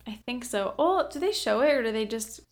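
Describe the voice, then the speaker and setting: Woman chatting about a book w a friend, kinda high voice, reads bits out loud. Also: brisk. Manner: reads passages aloud, animated. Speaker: co-host. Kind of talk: casual book discussion.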